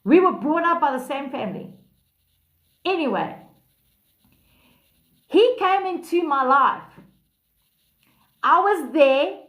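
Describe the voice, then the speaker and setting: A woman's voice: high voice, lively intonation, slow pace, long pauses, fairly bright tone, echoey room. A woman hosting a live stream on her phone, chatting casually with viewers, blunt and profane, laughing often and calling commenters by name. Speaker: livestream host.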